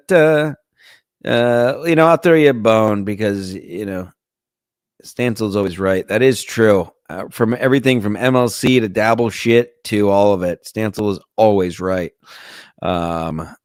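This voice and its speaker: A man's voice: lowish voice, clean tone. A young man hosts a sports podcast livestream, reading viewers' chat aloud and bantering crudely. His talk rambles and keeps joking. The sound is dry and close, with no room echo.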